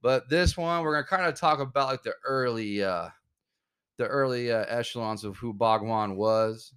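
A young man hosting a casual podcast, laid-back and joking, talking in halting bursts with fillers. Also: mid-range voice, fairly bright tone, clear, resonant tone. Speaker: podcast host.

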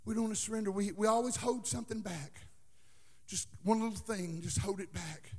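A male pastor preaching a fervent sermon in a church, with a sing-song cadence that swings from hushed asides to shouting. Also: high voice, steady tone, a little fast, big-room sound. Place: church sanctuary.

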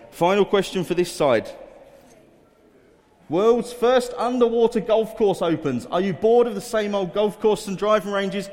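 Upbeat male teacher in an echoey hall. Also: on the high side. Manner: upbeat, coaxing, reads headlines aloud. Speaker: teacher leading a school assembly quiz. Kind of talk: addressing a room of children. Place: school hall.

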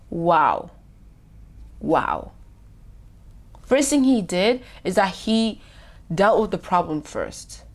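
Expressive woman reflecting on scripture. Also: on the low side, extremely slow, long pauses. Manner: expressive, acts out the scripture scenes; casual speech with many "like" fillers. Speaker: devotional podcast host. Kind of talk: informal Bible reflection.

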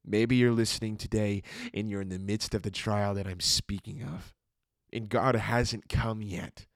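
A man delivers a devotional sermon in a very low, gravelly voice. He talks slowly and softly, drifting often into whispers. The recording is close and dry, with no room sound. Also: steady tone, no echo. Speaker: preacher.

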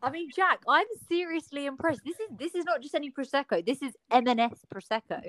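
A woman's voice: high-pitched, animated, fast, fairly bright tone, no room sound, rough recording. A woman co-hosting a podcast over a video call, chatty and teasing in casual chat. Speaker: podcast co-host.

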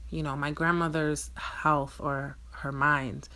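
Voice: mid-range voice, level tone, slow pace, bright, forceful tone. A young adult in their twenties telling a personal story as a solo podcast host, rambling and swearing, with lots of fillers and restarts, recorded on a phone. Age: 20s. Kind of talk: casual storytelling monologue. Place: indoors, alone. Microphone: phone mic.

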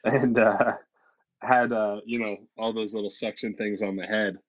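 A man's voice: lowish voice, flat delivery, moderate pace, highs cut off. A man co-hosting a casual podcast, laid-back and hesitant with many fillers. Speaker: podcast co-host, pastor. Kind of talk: casual chat. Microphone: remote call.

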